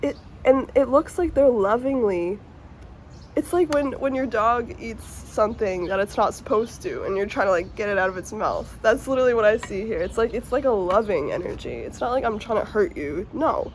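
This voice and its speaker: A woman's voice: fairly high pitch, animated, normal speed, slight background noise. Earnest, emotional woman reading tarot cards. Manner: emotional, earnest and swearing casually. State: tearful at times. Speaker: tarot reader. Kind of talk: casual tarot reading to viewers.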